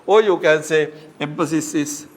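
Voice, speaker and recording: A man's voice: on the high side, moderate pace. A man giving an academic lecture as a professor, explaining step by step with frequent fillers and rhetorical questions.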